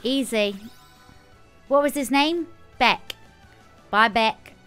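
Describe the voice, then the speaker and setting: A woman streaming a video game live, chatting casually with sudden excited squeals. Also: on the high side, slow pace, smooth, faint music behind. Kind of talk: casual live gameplay commentary.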